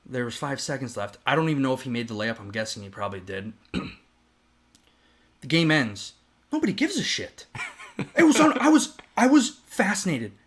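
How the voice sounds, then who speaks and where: Guy on a podcast telling a story, swears a lot, keeps restarting, normal pitch. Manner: animated, profane, rambling with restarts. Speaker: podcast host. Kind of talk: casual storytelling chat.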